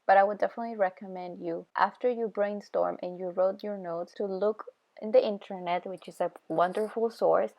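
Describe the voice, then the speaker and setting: A young woman calmly explaining a study method step by step, in a tutorial voice-over. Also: medium pitch, moderate pace, vocal fry, muffled recording. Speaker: student video host.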